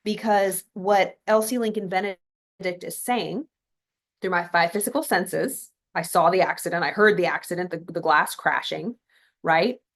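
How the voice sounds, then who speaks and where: A woman's voice: lowish voice, moderate pace, fairly bright tone. A woman from California hosting a podcast, telling a story in a casual, chatty motivational talk full of fillers and asides. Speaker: podcast host.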